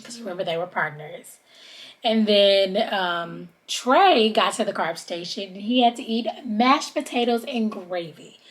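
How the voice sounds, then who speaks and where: A woman hosting a podcast, recapping a TV episode in a casual, gossipy chat and calling her listeners "honey.". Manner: chatty, drawls "honey" and "child", mimics people in high voices. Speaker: podcast host.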